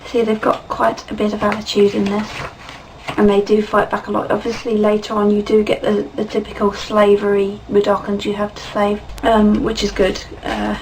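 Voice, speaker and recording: A woman giving a casual, chatty spoken game review, laughing often and filling pauses with ums. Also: mid-range voice, completely flat delivery, darkish tone, far from the mic, slight background noise, low-quality recording. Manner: chatty and giggly, many fillers and laughs.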